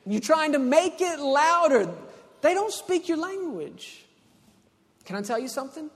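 A man from Texas preaching a sermon, swinging between hushed passages and loud, emphatic ones. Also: extremely high pitch, very animated, measured pace. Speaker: pastor. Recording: long hall reverb.

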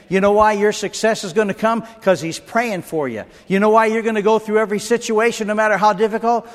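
Preacher guy, pretty high voice, punchy call and response, long echo from the church hall. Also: fairly quick, hardly any pauses. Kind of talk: sermon with closing prayer.

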